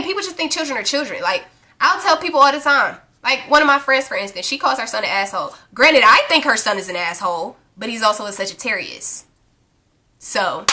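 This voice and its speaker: A woman in her twenties ranting in a casual vlog, blunt and profane, acting out arguments as she tells them. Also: fairly high pitch. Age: 20s. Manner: blunt, profane, animated storytelling. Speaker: vlogger.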